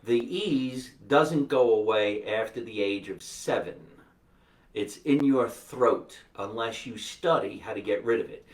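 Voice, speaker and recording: A man hosting a live podcast, chatting and joking with quick asides. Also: lowish voice, far from the mic. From New Jersey. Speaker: podcast host. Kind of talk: casual live-stream chat. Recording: echoey room, voice from off the mic.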